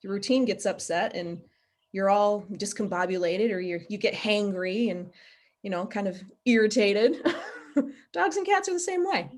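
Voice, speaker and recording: Woman, animal behaviour expert on a video call, earnest and practical, mid pitch. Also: expressive, normal speed. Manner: earnest, practical, explains with everyday examples. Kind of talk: casual video call interview.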